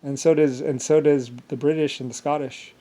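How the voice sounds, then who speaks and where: A man's voice: fairly high pitch, steady tone, moderate pace, warm tone. A man talking alone in a meandering monologue, full of restarts and filler words. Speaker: solo vlogger. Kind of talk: rambling monologue.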